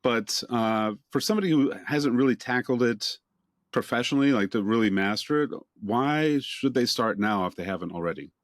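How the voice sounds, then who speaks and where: A man hosting an interview over a video call from his home office, relaxed, chuckling often and asking long, rambling questions. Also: mid-range voice, moderate pace, dry recording, studio quality. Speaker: interviewer, host. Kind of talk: casual interview chat. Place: home office near Boston.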